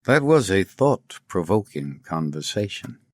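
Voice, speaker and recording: Man reading polite formal colonel, very low voice, lively delivery, dry close sound, audiobook. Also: unhurried, no echo, heavily acted. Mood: courteous. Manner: formal, courteous. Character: polite, measured male Latvian police colonel.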